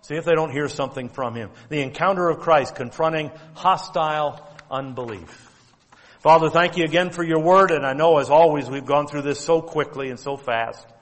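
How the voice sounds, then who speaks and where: A pastor delivering a sermon, earnest, working through numbered points and quoting scripture in old-fashioned wording. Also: male voice, a little high, moderate pace. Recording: long reverb of a large hall.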